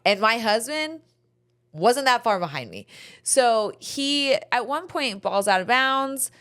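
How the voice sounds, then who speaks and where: Middle-aged woman host, animated, blunt, swears casually, chatty podcast storyteller. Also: fairly high pitch, slow pace.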